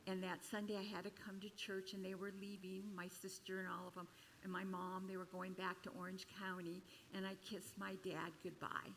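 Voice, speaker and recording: Bright-voiced older woman minister, chatty sermon. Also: moderate pace, slight background noise, rough recording. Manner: chatty and expressive, with sudden jumps in pitch and loudness. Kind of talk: personal storytelling sermon. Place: church service hall.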